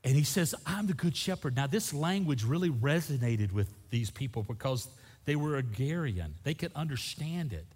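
A middle-aged man preaching a sermon as pastor, emphatic, swinging from loud bursts to soft asides. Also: mid-range voice, lively intonation, normal speed, slightly rough. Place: church sanctuary. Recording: long church hall reverb.

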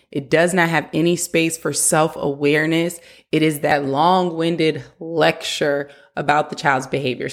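A woman with a low voice talks through parenting advice in an earnest, coaching manner. She is a young adult host who now and then acts out a frustrated parent's words. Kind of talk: casual advice talk.

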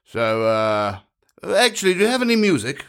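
A man's voice: fairly high pitch, sing-song, moderate pace, fairly bright tone. A man playing an earnest male government minister in a comedy sketch, officious in tone.

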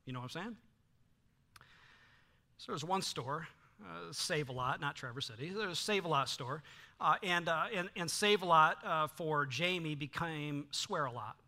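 A middle-aged male pastor preaching a sermon, telling stories in an animated way with many fillers and restarts. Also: a little high, moderate pace.

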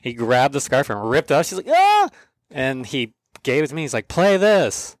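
A man hosting a podcast, telling animated stories in casual chat and acting out other people's voices. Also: mid-range voice, fast, no room sound. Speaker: podcast host.

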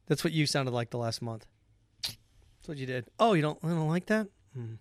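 A man's voice: a little high, animated, moderate pace, dry recording, clean studio sound. A man hosting his own podcast, delivering a sarcastic, repetitive opinion rant straight to his listeners. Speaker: podcast host.

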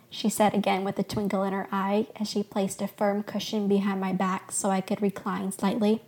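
A woman podcast host reading her own fictional story aloud, soft and expressive. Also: medium pitch, normal speed, few pauses.

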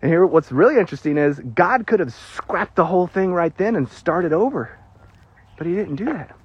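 A man preaching a sermon, animated and prone to nervous giggling as he explains scripture. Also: sits high, moderate pace, slightly rough, no echo. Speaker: pastor. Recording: dull lo-fi recording.

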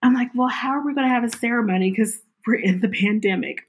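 With a fairly high-pitched voice and fast delivery, a middle-aged woman shares her personal story in an interview. She's animated, performing the dialogue of the people she quotes.

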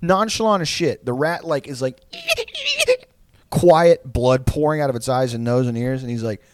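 A man's voice: on the high side, wildly swooping pitch, measured pace, no room sound. Rambling, profane young man telling a story. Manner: rambling, profane, with many likes and ums. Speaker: podcast co-host. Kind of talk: casual storytelling chat.

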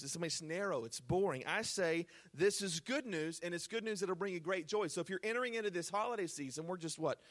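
A man preaching a sermon as pastor, in a casual, conversational way with joking asides, reading scripture slowly and softly. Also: high-pitched. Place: church service before a live congregation.

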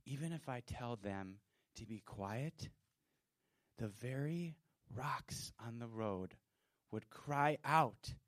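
A man voicing a calm, assured male holy teacher, speaking firmly. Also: mid-range voice, slow, dry recording.

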